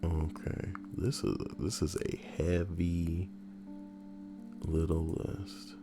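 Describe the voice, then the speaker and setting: A man with a remarkably deep, low voice reads stories aloud on a stream. He stops often for blunt commentary full of swearing, while soft guitar music plays faintly behind him. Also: little pitch movement, takes it slowly. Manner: blunt, profane asides.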